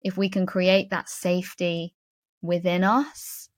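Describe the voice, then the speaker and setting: Reflective woman podcast host, low voice. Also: level tone, takes it slowly. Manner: reflective, thoughtful. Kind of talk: podcast interview.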